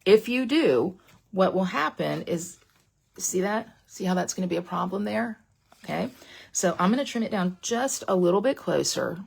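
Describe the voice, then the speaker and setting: Middle-aged woman, husky and gravelly, rambling craft instructor on a webcam. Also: on the low side. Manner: chatty and rambling, drops to a whisper when excited. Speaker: card-making instructor. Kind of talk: live online crafting class. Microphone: webcam at a craft desk.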